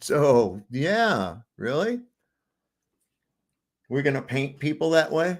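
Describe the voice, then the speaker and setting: A man's voice: a little high, very animated, slow pace. A man in his sixties hosting casual commentary, sarcastic and cursing freely.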